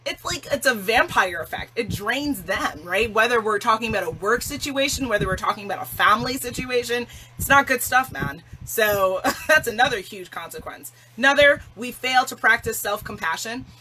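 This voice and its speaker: A woman's voice: a little high, expressive, moderate pace, sharp tone, slight background noise, rough recording. A woman hosting a self-love livestream challenge, speaking casually and emphatically, often laughing. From Jamaican family.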